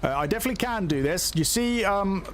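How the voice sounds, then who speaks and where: A man livestreams a police game, commenting as he plays and talking to himself in a hesitant, chatty way packed with fillers. His voice is high and animated, he speaks fast, and there's a little hiss or hum.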